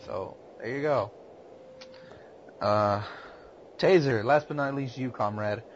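A man's voice: medium pitch, slow. A man casually chatting about comics, hesitant, with many stammered restarts. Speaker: comic book podcast co-host. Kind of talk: casual chat. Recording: dull lo-fi sound with faint ambient noise.

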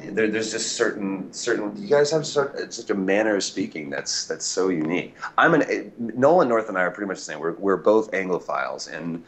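A man's voice: sits low, expressive, a little fast, hardly any pauses. A man talking casually as an interview guest over an internet call, rambling and joking at his own expense, with aircraft noise faint behind him. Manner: rambling, jokey, self-deprecating. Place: home near an airport.

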